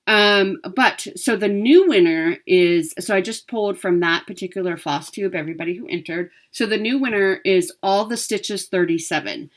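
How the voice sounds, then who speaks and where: A woman's voice: mid-range voice, moderate pace, few pauses. A woman vlogging about her cross-stitch haul and giveaways in a chatty, upbeat way with frequent ums. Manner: chatty, upbeat, lots of ums and self-corrections. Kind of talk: casual chat to camera.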